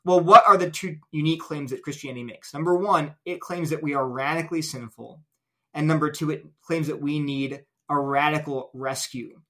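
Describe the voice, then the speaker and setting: Bright-voiced man explaining an argument. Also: on the high side, normal speed. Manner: earnest, illustrative, builds points step by step. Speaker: guest apologist.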